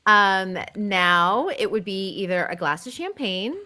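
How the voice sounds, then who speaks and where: A woman's voice: medium pitch, a little slow, bright, forceful tone. A woman with a New England accent, chatting casually and laughing easily as an entertainment news guest. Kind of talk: casual chat.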